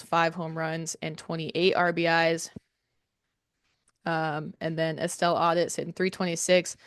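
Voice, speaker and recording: A young woman co-hosting a sports podcast, reading team stats in a steady list with filler ums, recorded with headphones on a close mic. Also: deep voice, clean tone, no room sound. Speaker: podcast co-host. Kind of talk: reading softball stats preview. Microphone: headphones and studio mic.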